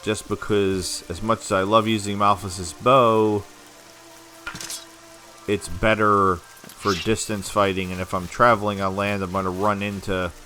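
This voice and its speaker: A man's voice: fairly low pitch, level tone, unhurried, pushed and bright, a little hiss or hum. A man giving casual let's-play commentary, rambling and talking to himself with frequent laughs. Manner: chatty, rambling self-talk with frequent laughs. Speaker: gameplay commentator.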